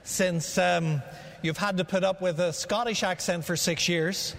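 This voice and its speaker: A man's voice: high voice, steady tone, a little slow, creaky, a bit bright. A man from Northern Ireland with a faded Northern Irish accent, preaching a sermon as a guest in church with formal, prayerful phrasing. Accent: Northern Irish, faded by years in America. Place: large church sanctuary. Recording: church hall reverb.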